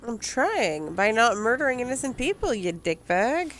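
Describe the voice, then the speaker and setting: A woman's voice: a little high, very animated, moderate pace, a bit bright. A woman giving casual, giggly gameplay commentary, playful and swearing offhand. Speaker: gamer playing on a channel.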